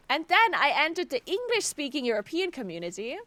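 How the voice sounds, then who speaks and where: A woman's voice: sits high, wildly swooping pitch, moderate pace, sharp tone. A young woman from Tyrol, chatting casually on a game stream, full of fillers and swearing. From South Tyrol. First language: German dialect. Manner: chatty, many "like" fillers, swears, laughs often. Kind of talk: casual live-stream chat while gaming.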